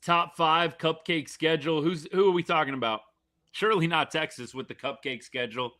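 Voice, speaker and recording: A man's voice: a little high, a little fast. A man hosting a live reaction stream for a college football game, talking casually and animatedly, with frequent restarts. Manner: animated, fan-partisan commentary with frequent restarts.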